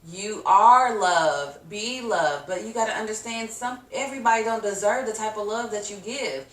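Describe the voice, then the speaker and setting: A woman's voice: on the high side, a little fast, echoey room, recorded from a distance. A woman giving a casual tarot reading to her viewers, chatty and slangy, laughing often and acting out reactions. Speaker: tarot reader.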